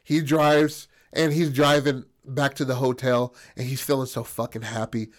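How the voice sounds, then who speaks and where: A man's voice: mid-range voice, level tone, moderate pace. A man improvising a crude comic story, rambling and profane, checking in with "bro" and "right?".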